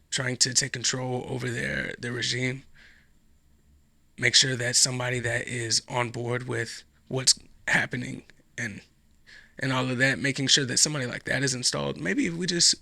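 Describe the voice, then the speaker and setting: A man's voice: medium pitch, gravelly, sharp tone. A man hosting his own show, talking alone in a casual, rambling way, sarcastic and dropping into a whisper for effect. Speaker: podcast host. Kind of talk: casual solo commentary.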